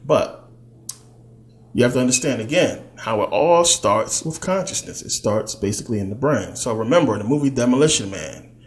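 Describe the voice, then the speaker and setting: A man's voice: medium pitch, expressive, moderate pace. A man giving a loose, conversational spiritual teaching talk, full of fillers. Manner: loose, conversational, many fillers, slips into quoted voices.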